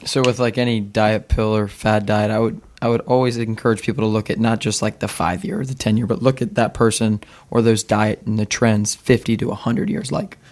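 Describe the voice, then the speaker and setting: A man's voice: lowish voice, darkish tone. A man who works as a personal trainer, a podcast guest explaining his views earnestly and using a lot of "like". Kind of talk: casual interview chat.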